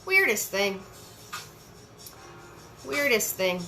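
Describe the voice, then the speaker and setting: A woman's voice: medium pitch, sing-song, extremely slow, music in the background. A woman hosting a live painting lesson, giving step-by-step brush instructions, repeating her key phrases and chatting with viewers by name. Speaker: paint party instructor and host.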